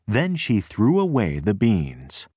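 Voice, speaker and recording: A man narrating a storybook aloud, clear, deliberate and expressive. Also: fairly low pitch, a little hiss or hum.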